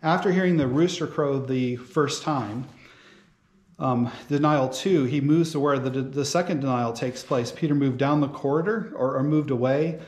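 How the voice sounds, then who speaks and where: A man's voice: mid-range voice, moderate pace. Man teaching Bible, echoey church hall. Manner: rambling, full of fillers and restarts. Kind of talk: conversational Bible study sermon. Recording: roomy church hall sound.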